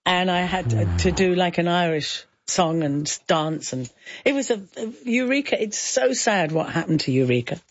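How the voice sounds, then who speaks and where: An older woman, an actress chatting as a radio guest and telling stories in a theatrical, animated way. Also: on the low side, moderate pace, a little hiss or hum. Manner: theatrical, laughing, animated storyteller. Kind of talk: casual radio chat. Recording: dull lo-fi radio sound.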